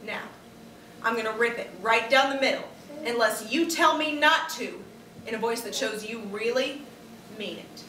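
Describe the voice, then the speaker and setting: A woman's voice: fairly high pitch, lively intonation, moderate pace, sharp tone, a little hiss or hum. A woman playing a cruel, controlling husband who mocks and demands, recorded from a distance. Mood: taunting. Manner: mocking, coldly demanding. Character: cruel controlling husband, grown man, taunting. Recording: roomy, distant camera mic.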